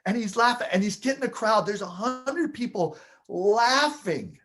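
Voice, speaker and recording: A man with a slightly high-pitched voice recounts a personal story. He tells it with animated energy, building excitement and acting out each moment as he speaks. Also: a little slow. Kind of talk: storytelling anecdote.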